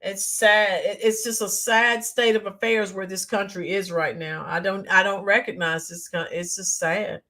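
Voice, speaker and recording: A woman hosting a casual livestream, greeting viewers by name and talking with frequent ums and pauses. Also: mid-range voice, steady tone, bright, forceful tone. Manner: talks to viewers by name, halting with many ums. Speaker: livestream host reading chat.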